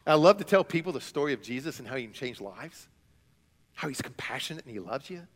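Animated preacher in a reverberant hall. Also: male voice, mid-range voice, quick pace. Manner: animated storytelling, swings from quiet to loud. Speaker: student pastor. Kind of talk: sermon.

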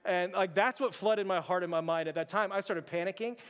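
A male pastor preaches with a lively, humorous storytelling manner, sometimes sinking to a near-whisper for his own inner thoughts. His voice sits fairly high for a man. It rings out in a church hall with a long, trailing reverb. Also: brisk, smooth. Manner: animated and humorous, drops to a hushed voice for quoted thoughts. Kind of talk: sermon with personal storytelling. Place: church sanctuary.

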